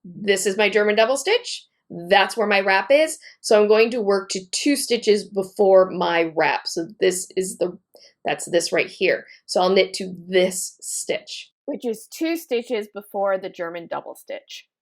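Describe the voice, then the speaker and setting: A woman's voice: medium pitch, lively intonation, measured pace. A woman teaching a knitting technique step by step, talking while she works and repeating key points methodically. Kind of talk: step-by-step tutorial demonstration.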